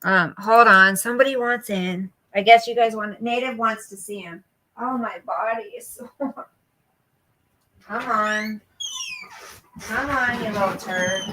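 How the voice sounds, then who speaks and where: A woman's voice: on the high side, a little slow, long pauses, bright, forceful tone, a little hiss or hum. A woman in her fifties hosting a casual late-night live chat, reading viewer comments aloud and answering them. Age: 50s. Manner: coos baby talk to her dog.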